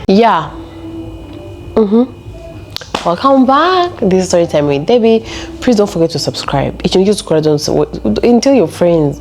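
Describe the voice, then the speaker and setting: A young woman telling a story to camera in a casual vlog, animated and laughing often as she switches between Kinyarwanda and English. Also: lowish voice, quick pace, long pauses. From Rwanda. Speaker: storytelling vlogger.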